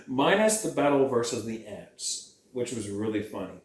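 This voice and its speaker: A man's voice: mid-range voice, very animated, normal speed, echoey room, recorded from a distance. A man chatting casually with his girlfriend, rambling and swearing, breaking into mocking impressions. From Scottish heritage. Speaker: channel host. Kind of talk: casual chat.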